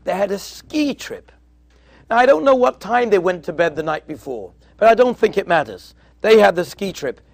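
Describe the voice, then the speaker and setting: A man's voice: high voice, very animated, moderate pace, vocal fry, dry recording. Man, rabbi, sermon, storytelling with acted-out dialogue, Hebrew and Yiddish terms, dry close sound. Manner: storytelling, acting out dialogue in quotes. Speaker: rabbi addressing yeshiva students.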